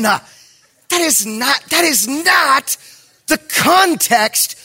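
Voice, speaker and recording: A pastor giving an emphatic sermon, with jokey asides and bursts of raised voice. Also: male voice, very high voice, lively intonation, slow, pushed and bright, breathy edge.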